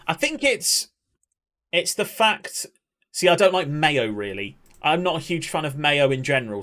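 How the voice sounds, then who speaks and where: A man's voice: medium pitch, a bit bright. A man chatting casually on a game stream, swearing and talking to his chat.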